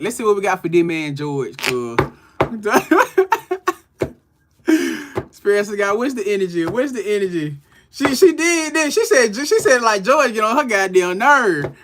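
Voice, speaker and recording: A high-sitting male voice comes through over background noise. In a relaxed, slangy live-stream tarot session, he welcomes viewers from the chat by name and laughs a lot.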